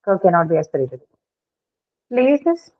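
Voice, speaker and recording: A woman's voice: lowish voice, big pitch swings, measured pace. A woman teaching an online phonetics lesson, asking frequent check questions and using many fillers. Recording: tinny phone-like call audio.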